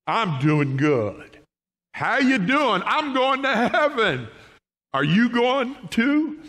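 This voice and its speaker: Slow, lively preaching man. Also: a little high. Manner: addresses the congregation as folks, reads scripture aloud. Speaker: pastor. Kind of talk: Sunday morning sermon.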